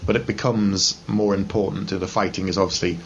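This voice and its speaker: A man co-hosting a casual film review chat, talkative and quick to draw comparisons. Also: low voice, steady tone, muffled recording, slight background noise. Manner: chatty, drawing comparisons, laughs easily. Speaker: film review podcast co-host.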